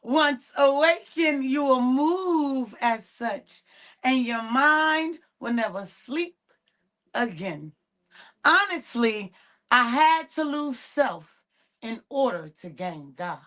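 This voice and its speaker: Slow high-voiced woman reciting poetry. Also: expressive, a bit bright. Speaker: guest poet. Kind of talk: spoken-word poetry on a live stream.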